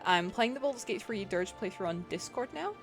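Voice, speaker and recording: A chatty woman streamer gives relaxed, playful commentary as she plays, greeting viewers and teasing herself. Her voice sits in an ordinary middle pitch, with faint game music behind her. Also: brisk. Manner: chatty, reacts to chat and game; playful, self-deprecating. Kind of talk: casual gameplay commentary.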